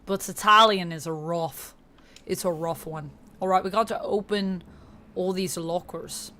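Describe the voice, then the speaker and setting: A woman's voice: lowish voice, steady tone, measured pace, bright, forceful tone, a little hiss or hum. Upbeat woman streamer chatting with viewers. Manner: upbeat, thanks viewers, reads chat aloud. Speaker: livestreamer. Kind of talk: casual livestream chat with viewers.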